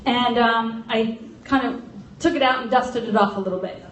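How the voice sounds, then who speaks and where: A woman's voice: on the high side, moderate pace, a bit bright. A middle-aged woman telling a funny story to a live audience in a chatty, joking way. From grew up in an Irish Catholic family. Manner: comic, chatty, laughs between lines. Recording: roomy hall sound from a distance.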